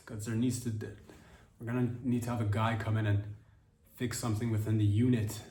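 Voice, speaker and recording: A man's voice: medium pitch, darkish tone, echoey room, far from the mic, slight background noise. A man hosting a comedy podcast, rambling and interrupting himself as he goes. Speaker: podcast host.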